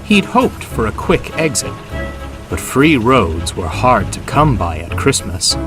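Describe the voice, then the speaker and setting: A man giving a storybook narration in an expressive, deliberate way. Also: medium pitch, over music.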